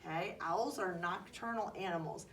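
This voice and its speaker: A woman's voice: fairly low pitch, normal speed. A woman teaching young children, patient and encouraging, asking questions and calling on them by name. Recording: distant mic, faint background noise.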